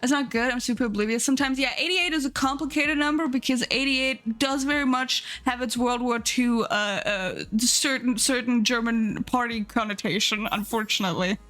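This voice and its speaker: Young woman streamer, giggly chatterbox, higher voice, faint music bed. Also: normal speed, hardly any pauses, a bit bright. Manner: giggly, chatty, reads chat aloud. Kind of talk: casual live-stream chat.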